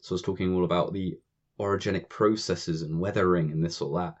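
Very deep-voiced British man. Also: fairly even intonation, quick pace. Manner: rambling, chatty storyteller. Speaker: podcast guest, camp counselor. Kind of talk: casual chat. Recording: dull lo-fi audio.

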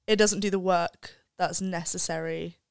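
A woman's voice: fairly low pitch, steady tone, unhurried, clear, resonant tone, no echo. A young woman, a student guest on a podcast, talking candidly and reflectively in casual chat and swearing freely. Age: young adult.

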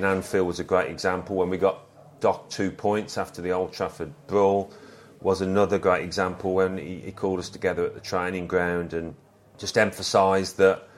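Deep-voiced man recounting football memories. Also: a little hiss or hum. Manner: reflective, anecdotal, quotes others. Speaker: former footballer, interview guest. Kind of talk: relaxed storytelling interview.

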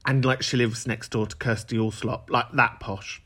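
A man's voice: medium pitch, flat delivery, normal speed, pushed and bright, breathy edge. A man hosting a podcast, chatting and joking in a camp, chatty way, with big laughs. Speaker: podcast host. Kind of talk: casual chat.

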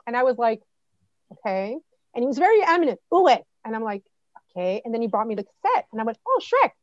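A high-pitched woman from Quebec, telling her stories with animation and acting out quoted lines, laughing often. Her audio is dry and a little muffled, as if recorded over a remote call. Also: big pitch swings, quick pace, darkish tone, dry recording. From Quebec, Canada. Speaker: guest. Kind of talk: casual conversational interview.

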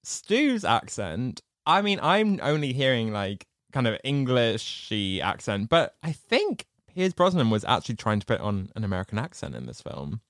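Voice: medium pitch, sing-song, moderate pace, hardly any pauses, a bit bright, no echo, clean studio sound. A podcast co-host, telling stories in a rambling, casual way. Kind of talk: casual film chat.

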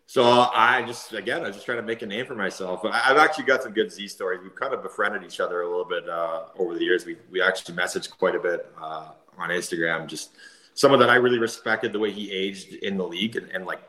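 A man's voice: deep voice, fast talker, bright, forceful tone, reverberant. A man in his thirties, a former player and podcast guest, telling stories in a chatty way, laughing often. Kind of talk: casual storytelling.

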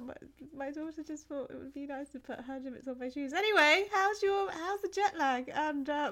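A woman's voice: high voice, sing-song, moderate pace. A woman, co-hosting a podcast in casual chat, telling a long story with frequent laughter. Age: 40s. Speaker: podcast co-host.

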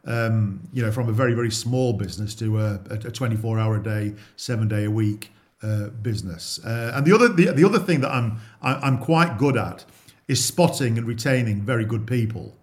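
A man's voice: on the low side, fairly quick. A middle-aged man from England, a guest in an interview, telling his story in a plain-spoken way with frequent repeats and restarts.

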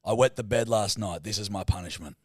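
A blunt, teasing man trading jokes with his co-host and swearing freely. His voice sits on the low side. The sound is close and dry, on a studio mic. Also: a little fast, no echo. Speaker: podcast co-host. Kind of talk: casual comedic banter.

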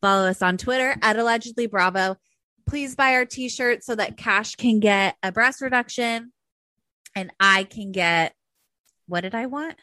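A young woman co-hosting a podcast in casual, animated chat, swearing freely and jumping high for quoted voices. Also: unhurried, dry recording. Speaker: podcast co-host.

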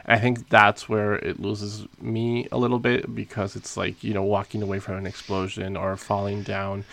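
A man casually reviewing a movie as a podcast co-host, talking haltingly with lots of fillers and restarts. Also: fairly low pitch, completely flat delivery, vocal fry, fairly bright tone, a little hiss or hum.

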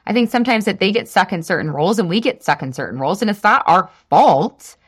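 Chatty woman podcast host, lively pitch. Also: quick pace, husky. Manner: chatty, lots of "like", laughs at herself. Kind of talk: casual solo podcast monologue.

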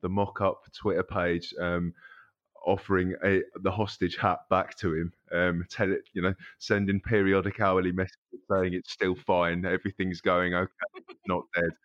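A man co-hosting a casual football podcast, talking in a halting way with many ums. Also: low voice, little pitch movement, a bit bright. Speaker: podcast co-host. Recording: dull lo-fi sound.

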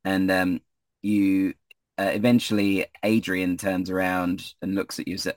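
A man's voice: sits low, little pitch movement, a little slow, no echo. A man narrating as game master for a tabletop game, hesitant and full of fillers. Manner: hesitant, many fillers, chuckling.

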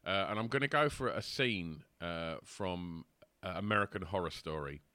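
A man's voice: deep voice, moderate pace, pushed and bright, no room sound. A man, co-hosting a film podcast, hesitant and searching for words. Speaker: podcast co-host. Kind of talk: casual chat about films.

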